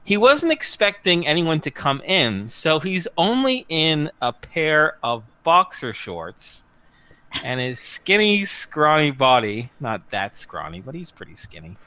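A game master narrating a tabletop game with amused, halting delivery full of fillers. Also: medium pitch, sing-song, pushed and bright.

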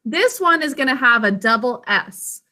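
A woman teaching young children a phonics lesson, patient and encouraging as she sounds out words slowly. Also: fairly high pitch, expressive, pushed and bright.

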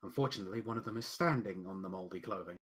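A man's voice: on the low side, breathy edge. A man playing a tabletop game, describing his character's actions carefully with many fillers. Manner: lots of fillers, careful and deliberate. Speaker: player.

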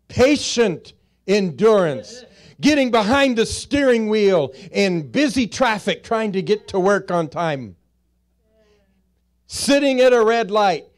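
Slow, emphatic male preacher. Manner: swings from loud emphatic peaks to quiet low stresses; drawls key words slowly with pauses. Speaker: pastor. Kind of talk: sermon. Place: church sanctuary.

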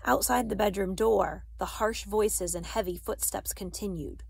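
A woman reading a children's novel aloud in a measured, expressive way. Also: medium pitch, gravelly, husky, no room sound. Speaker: audiobook reader.

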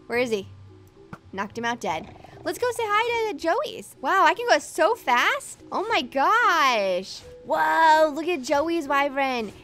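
A woman commenting on her game play in an excitable way, gasping and talking to her pets. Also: high voice. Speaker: gaming YouTuber.

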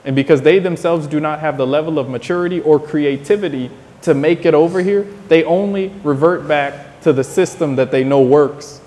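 A man's voice: fairly high pitch, moderate pace, few pauses, dark tone, big-room sound. A man from the United States, interviewed outdoors, talking in a passionate, preachy monologue that keeps repeating its points. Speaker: interview guest.

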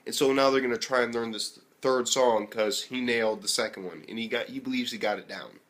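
A man's voice: medium pitch, fairly quick, fairly bright tone. Young man ranting in an anime review. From United States. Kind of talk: casual profane review rant.

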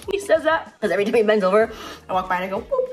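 A woman vlogging in a casual, gushing chat, full of "like" and giggles. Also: mid-range voice. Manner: chatty, gushing, sprinkled with "like" and giggles. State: hungover and tired.

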